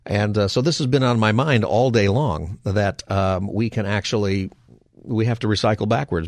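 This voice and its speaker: A male radio talk show host with a low voice, recorded dry and close in a studio. He rambles easily from topic to topic, dropping wry, folksy asides as he goes. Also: no echo. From Southern California.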